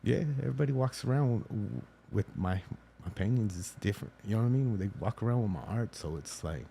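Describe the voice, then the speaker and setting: Low-voiced laid-back man as guest. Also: lively intonation, vocal fry, mellow, a little hiss or hum. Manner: laid-back, laughs often, halting phrasing. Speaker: guest tattoo artist. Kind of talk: casual interview chat.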